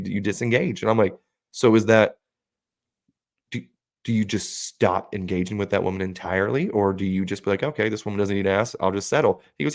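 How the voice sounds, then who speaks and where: A man's voice: lowish voice, gravelly. A man co-hosting a podcast, telling a story casually and animatedly, acting out what his friends said and swearing freely. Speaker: podcast co-host.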